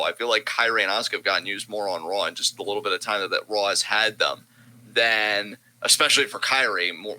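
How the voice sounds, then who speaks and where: A man co-hosting a casual wrestling commentary podcast, talking in an animated, sarcastic way and swearing freely. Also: lowish voice, a little hiss or hum, poor audio. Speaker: podcast co-host.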